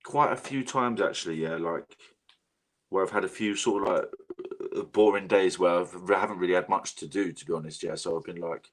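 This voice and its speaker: A man's voice: deep voice, brisk. A man chatting casually as a guest, rambling with lots of fillers and swearing freely. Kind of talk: casual chat.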